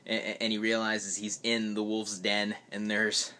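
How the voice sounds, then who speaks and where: A young man talking casually to camera about films, chatty and animated, sometimes mimicking a viewer's questions. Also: lowish voice, a little slow. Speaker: vlogger. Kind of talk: casual movie-list vlog.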